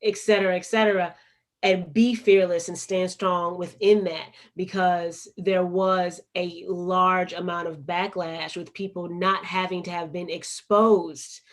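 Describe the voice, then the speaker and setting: Woman, Chicago accent, low voice, earnest, emphatic, interview guest. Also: level tone, a little slow. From United States. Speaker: guest poet and activist.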